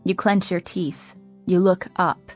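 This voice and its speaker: Lowish-voiced woman reading an audiobook, soft and measured, quiet guitar behind. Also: steady tone. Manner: measured, soft-spoken, reflective. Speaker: audiobook narrator. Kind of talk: scripted first-person narration.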